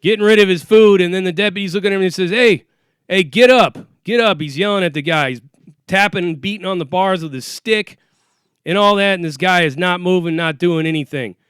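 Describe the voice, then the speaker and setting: A man with a high, clear, resonant voice and fairly bright tone talks quickly about being in jail. He's streetwise and profane, voicing the people he quotes, in a clean studio sound with no room echo.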